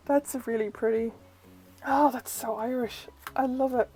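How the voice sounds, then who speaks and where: A woman's voice: a little high, fairly even intonation, unhurried, darkish tone, dry recording, soft background music, poor audio. A young woman tarot reader, chatting through a first look at an oracle deck and filling her talk with "like". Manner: chatty, uses "like" a lot; gushing, easily delighted.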